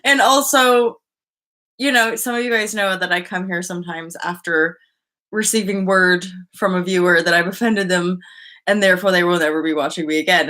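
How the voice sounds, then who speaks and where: Woman, live-stream host, bright, tense edge, rambling and chatty. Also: mid-range voice. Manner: rambling, chatty, greets viewers by name. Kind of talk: casual live-stream chat.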